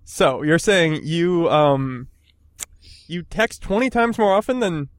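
Playfully pedantic man, lively pitch. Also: takes it slowly, no room sound. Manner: dry, playfully pedantic, jumps into silly put-on voices. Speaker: podcast co-host. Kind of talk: casual comedic chat.

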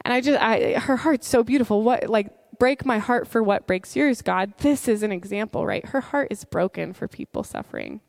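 A woman in her thirties preaching a sermon in an earnest, conversational storytelling manner, with heartfelt warmth. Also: fairly high pitch, very animated, moderate pace, gravelly, few pauses, no room sound, studio quality. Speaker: pastor.

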